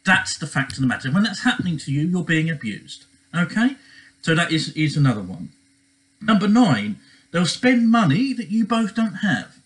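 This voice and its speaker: Earnest man with lively pitch. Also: moderate pace, rough recording. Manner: earnest, repetitive, lots of "okay?". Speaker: relationship advice vlogger. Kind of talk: casual advice monologue.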